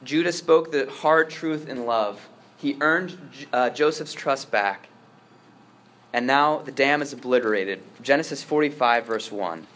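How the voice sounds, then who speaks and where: A priest preaching a sermon, earnest and emphatic, repeating words as he restarts and swinging from strong stresses to hushed asides. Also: medium pitch, unhurried.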